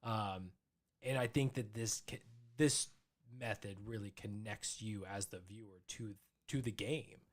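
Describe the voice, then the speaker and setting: A man co-hosting a movie review podcast, talking casually and excitedly into a close mic, with quick restarts. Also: lowish voice. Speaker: podcast co-host.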